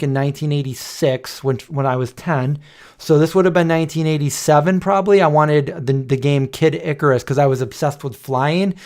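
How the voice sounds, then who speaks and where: A man's voice: fairly high pitch, darkish tone. A man in his forties hosting a late-night livestream, telling rambling, playful nostalgic stories and singing old jingles. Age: 40s. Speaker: livestream host. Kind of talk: casual nostalgic storytelling to chat.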